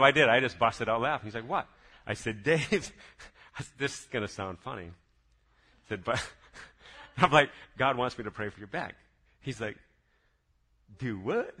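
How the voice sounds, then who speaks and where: Bright-voiced man telling a lively story. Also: medium pitch. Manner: lively, excited retelling with many restarts. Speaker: man telling his faith testimony. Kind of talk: casual spoken testimony storytelling.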